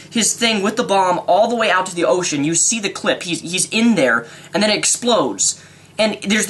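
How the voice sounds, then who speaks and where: A young man rambling excitedly through an unscripted movie review vlog. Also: high-pitched.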